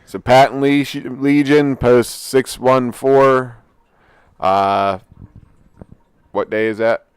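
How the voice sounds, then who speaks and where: A man conducting a casual interview, unhurried, repeating details back to confirm them. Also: mid-range voice, fairly even intonation, clear, resonant tone, no room sound.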